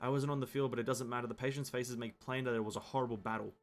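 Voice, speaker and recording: Casting: a tired, resolute field healer, read plainly by a man, mid-pitched, game dialogue. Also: fairly even intonation, racing, faint music behind, natural voice. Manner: reads game dialogue aloud in his own voice. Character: weary but determined adult healer.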